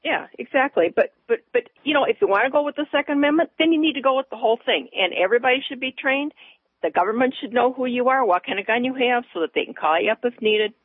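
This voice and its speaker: A woman calling into a radio show, earnest and rushing at times. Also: fairly high pitch, breathy edge, dry recording. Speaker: radio caller. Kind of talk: call-in radio caller. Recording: tinny phone line.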